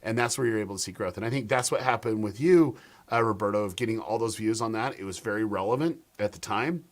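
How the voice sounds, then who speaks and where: Low-voiced guy on a video call, fillers everywhere, gets animated telling stories. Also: quick pace. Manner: animated storyteller, many fillers and restarts. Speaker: guest YouTube strategist. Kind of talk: live stream discussion.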